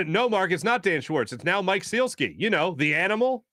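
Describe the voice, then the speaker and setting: A man hosting a casual sports talk stream has a high, bright, pushed voice with big pitch swings at a moderate pace. He jokes, reads viewer comments, hums filler tunes and tries celebrity impressions, all on a dry, clean studio recording.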